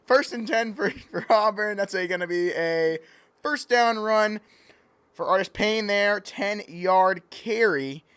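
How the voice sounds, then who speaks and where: A man's voice: high-pitched, takes it slowly, fairly bright tone, clean tone, dry recording. A man calling play-by-play in a joking mock sports broadcast, playful and easily sidetracked. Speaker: play-by-play commentator.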